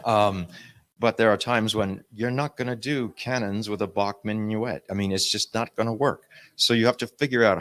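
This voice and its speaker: Man, low voice, panel talk, animated, restarts often. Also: normal speed. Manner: animated, uses music metaphors, self-interrupting. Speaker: audiobook narrator on a panel. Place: convention panel.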